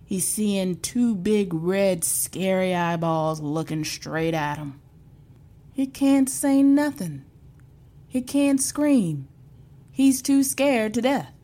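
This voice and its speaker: A woman telling a spooky folk tale in a hushed voice with dramatic pauses. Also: medium pitch. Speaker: storyteller.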